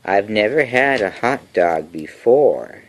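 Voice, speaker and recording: A woman's voice: extremely low pitch, expressive, slow pace, slight background noise, exaggerated voice. Woman doing a curious little duck. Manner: inquisitive, polite.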